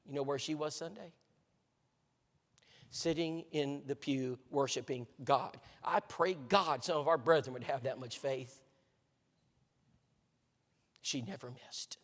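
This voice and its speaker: A man preaching and telling a story at an evangelism workshop, earnest and emphatic, dropping to a hush and rising again. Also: medium pitch, slow pace, long pauses, big-room sound. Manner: earnest, emphatic, shifting between hushed and animated. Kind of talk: sermon storytelling.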